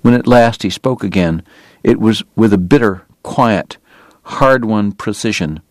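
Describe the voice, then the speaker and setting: A man narrating a novel in a measured, steady storytelling voice. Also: on the low side, dry recording. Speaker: audiobook narrator. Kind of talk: scripted narration.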